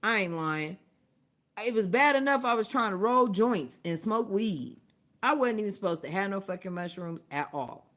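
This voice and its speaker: A woman's voice: mid-range voice, animated, normal speed, fairly bright tone. A woman hosting a livestream, telling a story in casual, profane talk and laughing often. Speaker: livestream host. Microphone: phone or webcam, livestream.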